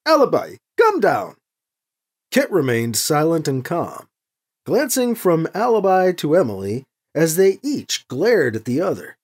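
Expressive audiobook narrator, very animated pitch. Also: unhurried, husky. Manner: expressive, voices each character. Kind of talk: scripted narration.

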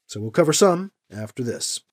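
A man hosting a fiction podcast and narrating an audiobook chapter in an animated, expressive way. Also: mid-range voice, normal speed.

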